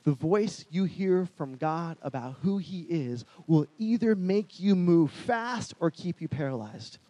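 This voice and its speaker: Animated high-voiced man preaching. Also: measured pace, in a large hall, lo-fi sound. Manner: animated, swings from loud to hushed. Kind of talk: sermon. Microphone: headset mic.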